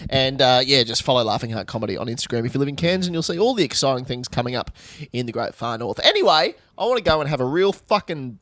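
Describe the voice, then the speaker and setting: A man's voice: medium pitch, big pitch swings, fast, fairly bright tone, no room sound. An Australian man co-hosting a podcast in casual chat, teasing and crude. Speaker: podcast co-host.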